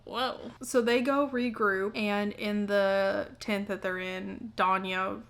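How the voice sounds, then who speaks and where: A woman's voice: mid-range voice, little pitch movement, takes it slowly. A young adult woman casually summarizing a book in a vlog, chatty and full of "like". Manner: chatty, heavy use of "like". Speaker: book vlogger.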